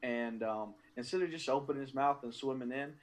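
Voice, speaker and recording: A man in a casual podcast chat, telling stories with animated energy and teasing his friend. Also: mid-range voice, fairly quick.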